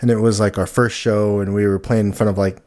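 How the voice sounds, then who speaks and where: A man's voice: on the low side, flat delivery, fast, darkish tone. A man co-hosting a casual podcast, easygoing and laughing often while he tells stories. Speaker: co-host, musician.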